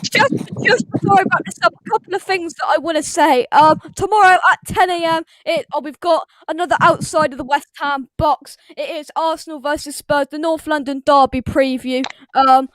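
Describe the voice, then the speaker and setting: A man's voice: very high voice, fairly even intonation, normal speed, few pauses, a bit bright, no room sound, poor audio. A man hosting a casual livestream, rambling with many fillers. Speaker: host.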